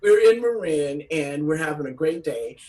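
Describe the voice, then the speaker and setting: A woman telling stand-up stories from California, animated and acting out voices with big pitch jumps. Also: normal speed, recorded from a distance, low-quality recording. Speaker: comedian. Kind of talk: stand-up storytelling.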